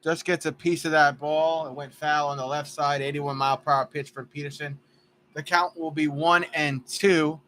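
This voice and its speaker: A man doing casual play-by-play for a fan livestream, chatty and jokey, drifting into stories between pitches. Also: little pitch movement, normal speed, a bit bright.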